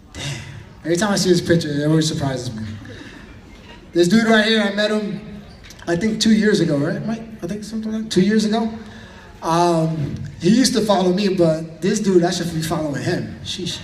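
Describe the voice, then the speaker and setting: Hyped high-voiced man on stage. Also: normal speed, slight background noise. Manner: hyped, loud crowd-pumping emcee. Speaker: fitness coach presenting on stage. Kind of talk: live motivational stage introduction. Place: large event hall with an audience. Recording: roomy hall, mic at a distance, crowd behind.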